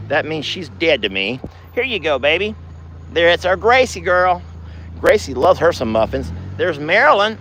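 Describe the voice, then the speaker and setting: A man hosting a casual ranch vlog outdoors at night, drawling to viewers and cooing in a high sing-song at his cows. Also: fairly bright tone, slight background noise. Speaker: ranch vlogger.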